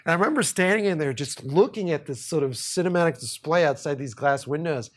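A man telling a story on a podcast, his voice a bit high for a man and lively, swinging up and down in pitch. He talks casually and swears a lot, and laughs often. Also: fast talker. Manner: animated, profane, laughs while telling stories. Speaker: podcast host.

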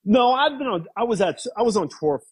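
A man in his thirties, a guest in an interview, telling stories casually, laughing often and acting out quotes in a higher voice. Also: lively intonation, a little fast, slightly rough, rough recording. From New York. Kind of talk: casual storytelling.

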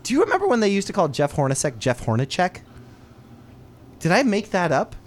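A man's voice: high voice, wildly swooping pitch, very fast, slight background noise. A man co-hosting a casual sports podcast, joking and swearing as he talks. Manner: profane, jokey, puts on voices in quotes. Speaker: podcast co-host.

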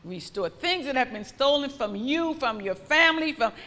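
A woman preaching a sermon with fervent, repetitive declarations that rise into loud praise. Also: high-pitched, expressive, normal speed, big-room sound.

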